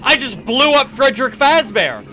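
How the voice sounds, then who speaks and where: Excitable high-voiced young man gaming. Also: moderate pace, soft background music. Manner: excitable, shouting reactions and laughing. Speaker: gaming YouTuber. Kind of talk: let's play commentary.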